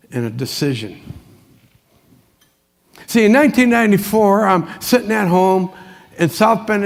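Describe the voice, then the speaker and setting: A man with a high, gravelly voice delivers a motivational keynote as a string of folksy stories, chuckling often between lines. His voice rings out through a big conference hall with a long, trailing reverb. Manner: folksy anecdotes with frequent chuckles. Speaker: motivational speaker.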